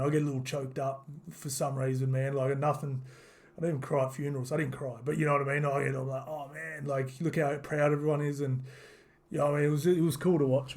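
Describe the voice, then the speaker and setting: A man's voice: medium pitch, creaky, a little mellow. A man giving a rambling, casual sports recap full of fillers and restarts. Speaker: sports vlogger.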